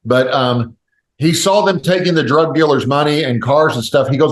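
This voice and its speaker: A man's voice: fairly high pitch, a little fast. A man co-hosting a podcast, telling stories in casual chat and acting out the people he quotes. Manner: storytelling, acts out quotes. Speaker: podcast co-host. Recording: roomy echo.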